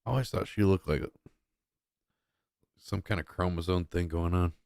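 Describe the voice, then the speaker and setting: A man's voice: deep voice, normal speed, gravelly. A man hosting a livestream, reacting to clips in a casual, mocking, offhand way and talking to his chat. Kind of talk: casual crude reaction commentary.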